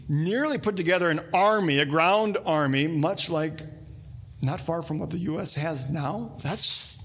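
A man's voice: fairly high pitch, fairly bright tone. A pastor giving a conversational sermon with asides to his listeners.

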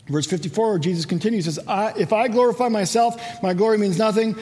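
A man's voice: sits high, animated, fast talker, few pauses, a little mellow. A man teaching a conversational Bible sermon, asking rhetorical questions and acting out the dialogue of the passage. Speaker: pastor. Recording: long hall reverb.

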